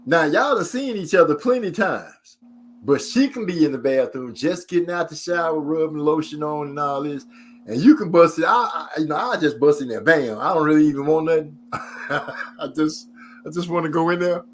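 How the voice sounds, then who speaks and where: A middle-aged man chatting with a raised, fairly high pitch, acting out the people he quotes as he tells family stories. A faint hiss of noise sits under the voice. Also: normal speed. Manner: animated storyteller, jumps high for quoted voices. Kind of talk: casual comedic chat.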